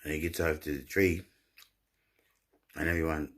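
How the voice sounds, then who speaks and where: A man's voice: rumbling low, steady tone, normal speed. A man, rambling and telling jokes in a laid-back way, often repeating his words. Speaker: vlogger. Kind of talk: rambling casual storytelling.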